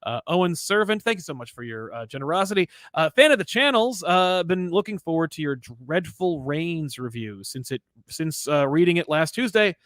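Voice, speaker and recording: Guy cohosting a comic podcast, kinda high voice, super animated, dry close mic, jumps into goofy character bits. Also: no echo. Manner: animated, acts out characters in quick asides, many restarts. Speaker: co-host reading viewer super chats. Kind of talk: casual comic-book chat. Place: rented studio.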